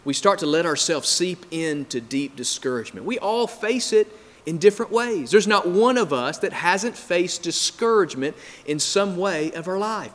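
A male pastor delivers a sermon with a fairly high voice and an emphatic, repeating rhythm. His words ring out with a long reverb from a church hall. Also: lively intonation, normal speed, fairly bright tone. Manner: emphatic, repetitive preaching rhythm.

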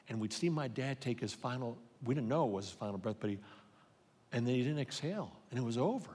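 Middle-aged male pastor, earnest storytelling preacher, mid pitch, live church hall reverb. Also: brisk, a little mellow. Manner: earnest, personal storytelling with many restarts. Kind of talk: sermon.

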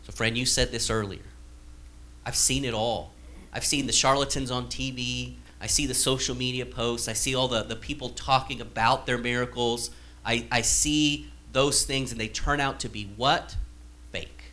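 A man's voice: medium pitch, fairly even intonation, moderate pace, pushed and bright. A male pastor giving a conversational sermon, acting out quoted dialogue with a sarcastic edge.

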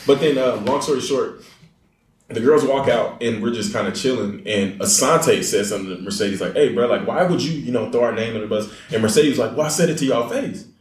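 A young man telling a story in casual chat, animated, acting out quotes and often laughing. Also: medium pitch, brisk. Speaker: reality show contestant telling a story. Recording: echoey room, far from mic, faint noise.

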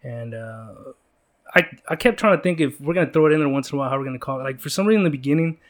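A man's voice: medium pitch, lively intonation, very fast. A man hosts a laid-back podcast, wandering from thought to thought with a joking, easygoing manner. His talk is full of fillers and restarts, and he keeps things loose and chatty. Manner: rambling, jokey, many fillers and restarts. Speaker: podcast host. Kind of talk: casual chat.

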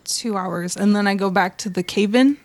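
A woman with a soft, hesitant manner, playing a tabletop game. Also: medium pitch, normal speed, no echo. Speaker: player.

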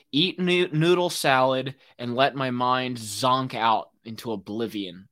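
A young man hosting a solo podcast, ranting excitably in casual speech, with lots of fillers and swearing. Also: medium pitch. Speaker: podcast host. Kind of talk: solo rambling podcast monologue.

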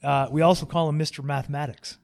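A man with a slightly higher voice hosts a relaxed podcast chat. He rambles and jokes, often at his own expense, and keeps a loose, friendly flow. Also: fast, gravelly. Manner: joking, rambling, self-deprecating. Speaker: podcast host.

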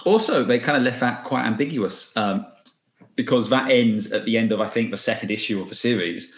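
A man guesting on a podcast, talking in a relaxed, rambling way about a comic book. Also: lowish voice, brisk, roomy sound. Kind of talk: casual podcast chat.

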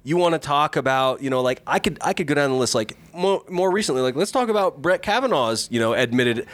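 A man's voice: a little high, expressive, a little fast, no echo. A man co-hosting a casual podcast, ranting with sarcastic indignation. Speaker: podcast co-host.

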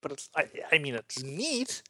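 A man hosting a casual Bible study talk, animated and full of restarts, playfully acting out voices as he tells stories. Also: on the high side, normal speed, dry recording. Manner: animated, acts out quoted voices, frequent restarts. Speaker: podcast host teaching the Bible.

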